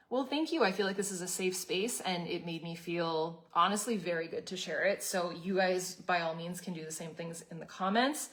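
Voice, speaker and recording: A woman's voice: on the low side, a bit bright. A woman in her thirties hosting a live community session, giving a casual motivational talk with candid chat and many restarts.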